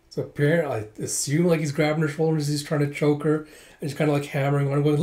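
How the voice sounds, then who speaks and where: A man's voice: fairly high pitch, flat delivery, fast, darkish tone. Chatty man narrating comic panels. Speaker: manga reader. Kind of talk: casual comic readthrough.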